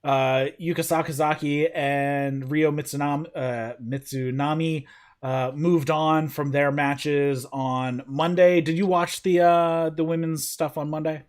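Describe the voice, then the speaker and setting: A man's voice: a little high, flat delivery, unhurried. A man hosting a casual wrestling review podcast, rambling with lots of fillers and stumbling over names. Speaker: podcast host.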